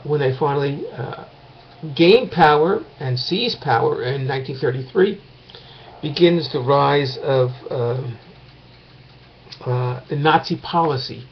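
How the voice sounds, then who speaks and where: A man's voice: mid-range voice, dull audio, a little hiss or hum. A man teaching a course in a casual recorded lecture, talking late at night at home and rambling with many fillers and restarts.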